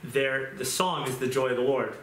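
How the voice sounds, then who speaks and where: A man's voice: mid-range voice, steady tone, normal speed, a bit bright, slight background noise. A man giving an informal sermon in a conversational way, repeating phrases and restarting sentences as he goes. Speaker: pastor. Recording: roomy echo.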